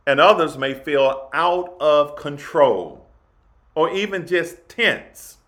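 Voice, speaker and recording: A man hosting a spiritual coaching podcast, giving a motivational talk in an emphatic, deliberate way and repeating his key phrases. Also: a little high, fairly bright tone.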